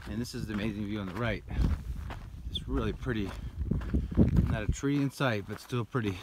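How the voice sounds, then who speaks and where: Heavy background noise surrounds this fairly low, fairly quick male voice. A hiker vlogger filming on a handheld camera while walking a mountain trail, he rambles, gets breathy going uphill, and points out the way.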